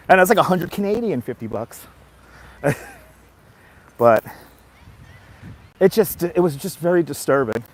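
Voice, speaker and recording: Brief: man, slightly high voice, livestream vlogger, recorded outdoors on a phone. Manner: chatty storytelling, greets viewers by name. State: tired after a nap. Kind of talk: casual livestream chat. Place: outdoors on a boardwalk.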